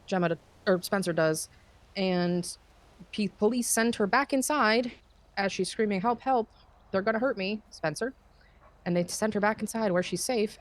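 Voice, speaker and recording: A woman giving a casual, rambling recap in a roleplay game, swearing and filling gaps with "uh" and "um". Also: mid-range voice. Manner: rambling, swearing, many fillers and restarts.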